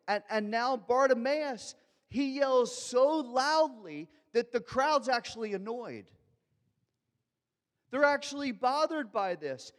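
Man preaching a sermon, slightly high voice, loud fervent bursts, long hall echo. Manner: animated preaching, shifts from soft asides to loud shouted quotes. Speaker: pastor. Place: large church hall. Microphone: handheld or headset microphone.

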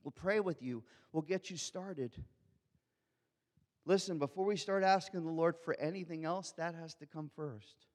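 A man preaching a sermon as a pastor, swinging from soft asides to loud, fervent outbursts. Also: on the high side, moderate pace. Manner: animated preaching, shifts from soft asides to loud shouted quotes. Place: large church hall. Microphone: handheld or headset microphone. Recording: long hall reverb.

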